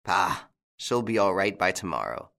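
A man voicing a bold, cool-headed gentleman thief in a storybook reading, brisk and wry. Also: lowish voice, animated. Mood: calm.

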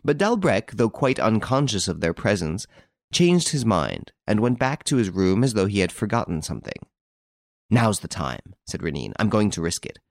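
Deep guy reading an old detective audiobook, steady measured delivery, dry close sound. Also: dry recording. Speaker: narrator. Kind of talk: scripted audiobook narration.

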